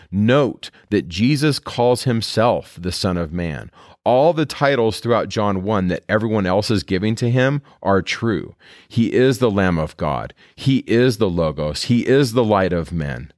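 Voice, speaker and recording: Male podcast host, lowish voice, dry close recording, reads verses then explains casually. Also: lively intonation, unhurried, dry recording. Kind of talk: teaching commentary on scripture.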